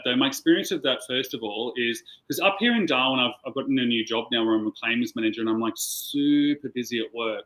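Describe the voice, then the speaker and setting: A man's voice: mid-range voice, fairly bright tone, low-quality recording. An Australian man chatting as a guest on a video call, telling a rambling story with plenty of swearing. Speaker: client guest. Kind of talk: casual chat.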